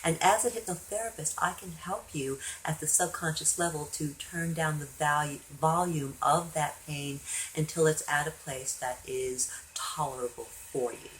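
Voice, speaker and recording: A woman's voice: deep voice, normal speed, slight background noise, low-quality recording. A woman hypnotherapist telling a client story in a chatty way, acting out the people she quotes. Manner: chatty, animated when quoting others. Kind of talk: storytelling monologue.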